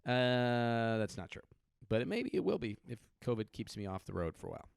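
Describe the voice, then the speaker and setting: A man's voice: mid-range voice, sing-song, brisk, gravelly, clean tone, no echo, studio quality. Profane riffing male comedy podcaster. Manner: profane, riffing, puts on mock voices. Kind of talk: comedic news commentary podcast.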